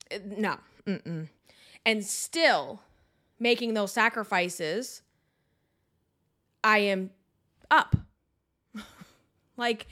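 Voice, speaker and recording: A woman in her thirties hosts her own podcast into a close microphone, speaking in a fairly high voice. She vents openly and curses freely, talking directly to her listeners like friends. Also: fairly bright tone. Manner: frank, profane, talks straight to listeners. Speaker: podcast host. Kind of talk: venting solo podcast talk.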